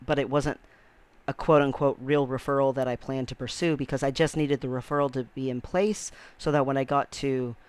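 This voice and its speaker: A man speaking casually on his personal vlog, earnest and heartfelt, often stumbling and restarting his sentences. His voice is smooth and clear at an ordinary middle pitch, and the recording is close and dry. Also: steady tone, dry recording. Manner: halting, full of restarts and fillers. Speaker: vlogger.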